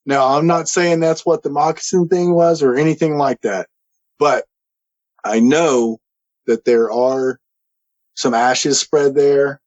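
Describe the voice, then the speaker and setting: A man telling his paranormal experience in a casual, animated way, acting out what people said, with frequent restarts. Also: medium pitch, slow pace, lo-fi sound. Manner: animated, quotes others and himself, many restarts. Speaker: guest telling a paranormal story. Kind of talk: casual storytelling.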